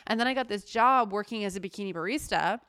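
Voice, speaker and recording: A woman's voice: medium pitch, fast, a bit bright, clean tone, no echo, clean studio sound. A woman in her thirties co-hosting a podcast, telling personal stories in casual chat and swearing often. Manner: storytelling, frequent swearing. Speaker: podcast co-host.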